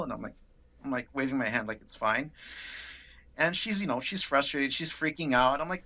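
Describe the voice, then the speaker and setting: Male guest, casual storyteller, gravelly and bright, swears, animated. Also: mid-range voice, a little fast. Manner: animated, swearing, acts out quotes. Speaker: podcast guest.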